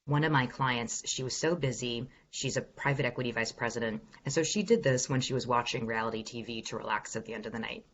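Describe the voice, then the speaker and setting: A woman's voice: rumbling low, a little fast, hardly any pauses. Upbeat woman coaching over a dull video call. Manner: upbeat, encouraging coaching with demonstrations. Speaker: executive voice coach. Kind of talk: online workshop Q&A.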